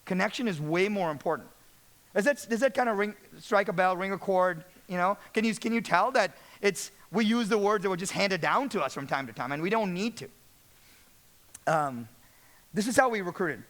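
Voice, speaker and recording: Male keynote speaker with a high voice, energetic and conversational, peppers the audience with questions. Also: moderate pace. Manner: energetic, repeats words, asks audience questions. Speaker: speaker addressing real estate managers. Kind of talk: motivational business talk.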